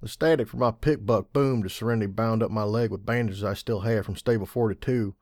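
A man reading fan fiction aloud in an audiobook style, measured and wry. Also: fairly low pitch, a little mellow, no echo, studio quality. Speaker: audiobook reader.

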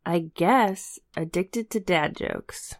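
Woman, playful, slow-paced, gravelly, comedy sketch. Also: lowish voice. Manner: playful, teasing, slow punchlines. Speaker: support group guest.

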